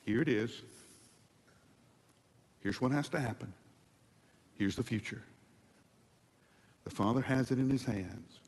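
A man preaching a sermon dramatically, moving between hushed passages and loud ones, in a large hall. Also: mid-range voice, takes it slowly, long pauses. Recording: long hall reverb.

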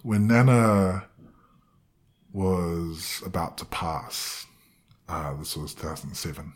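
Young man, deep voice, unhurried, self-deprecating storyteller who acts out quoted voices. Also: steady tone. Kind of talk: personal storytelling monologue.

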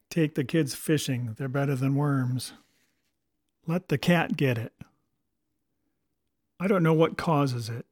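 A man's voice: mid-range voice, a little mellow, dry recording. A man reading humorous essays aloud in a dry, wry, self-mocking way. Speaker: reader of a humor column collection.

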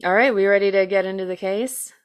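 A woman's voice: mid-range voice, fairly even intonation, brisk, clean tone. An American woman co-hosting a true-crime podcast in casual chat, talking chattily with lots of fillers, self-deprecating jokes and the odd swear word. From United States. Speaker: podcast co-host telling a true-crime case.

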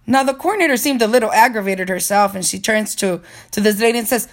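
A woman's voice: medium pitch, fast, hardly any pauses. A woman narrating a personal story in an earnest, reflective way, as a motivational speaker.

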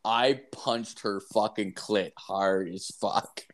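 A young man with a fairly low-pitched voice speaks slowly while co-hosting a podcast. In casual chat, he tells crude stories loaded with heavy swearing and filler words.

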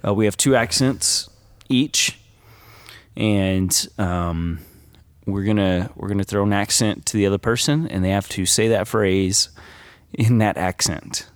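A man's voice: fairly low pitch, unhurried, no echo, studio quality. A man co-hosting a casual podcast, speaking hesitantly with many fillers and nervous laughs. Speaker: podcast co-host.

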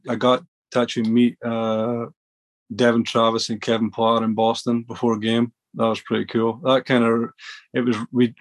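Chatty man, rambling stories. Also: on the low side. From Scotland. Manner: rambling, many restarts and fillers. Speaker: podcast guest. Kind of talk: casual storytelling.

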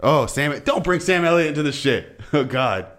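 A man's voice: a little high, lively intonation, normal speed, a bit bright. A man co-hosting a casual podcast chat, profane, laughing and easily exasperated. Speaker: podcast co-host.

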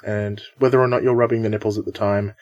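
A man's voice: fairly low pitch, steady tone, quick pace, a little mellow, no echo, muffled recording. A man hosting a podcast in casual chat, upbeat and chatty, laughing often. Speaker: podcast host.

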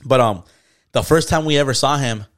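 Fast-talking man swearing through a story. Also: medium pitch. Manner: storytelling with heavy swearing and slang. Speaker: podcast co-host. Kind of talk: casual chat.

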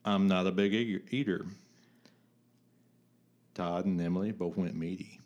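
A man with a very low, deep voice, co-hosting a podcast in casual chat. He reads out a quiz with playful, chuckling asides and the odd deadpan line. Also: a little slow, dull audio. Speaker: podcast co-host.

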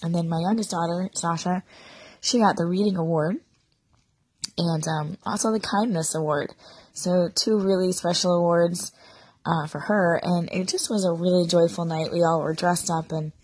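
Low, husky mother sharing a sad story. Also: fairly even intonation, a little mellow, dry recording. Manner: sad, confiding, halting with fillers. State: sick, short of breath. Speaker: podcaster, mother. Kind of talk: personal monologue.

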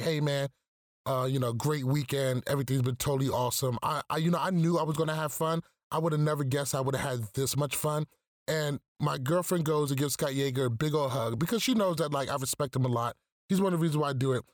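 A man's voice: on the high side, no echo, clean studio sound. A man co-hosting a podcast in casual chat, loose and profane, laughing at his own jokes. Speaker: podcast co-host.

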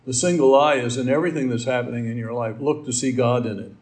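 A man's voice: mid-range voice, fast talker, a little mellow. A middle-aged man giving a conversational sermon, folksy and rambling, with asides and fillers. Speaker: preacher.

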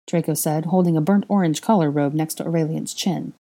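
A woman narrating a fan fiction story in a steady, plain reading voice. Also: low voice, brisk. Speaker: reader.

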